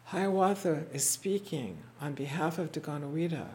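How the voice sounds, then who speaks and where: A teacher speaking to a small class, retelling stories in a reflective, unhurried way, acting out the quoted voices and often restarting words. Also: mid-range voice, mellow. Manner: halting restarts and repeated words. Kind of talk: storytelling talk to a small group. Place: indoor room with a small group.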